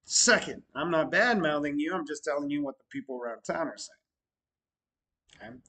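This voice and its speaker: Animated man telling a story. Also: normal speed, poor audio. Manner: animated, swearing, swings from loud excitement to low mutters. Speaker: bar owner vlogger. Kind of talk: casual storytelling vlog.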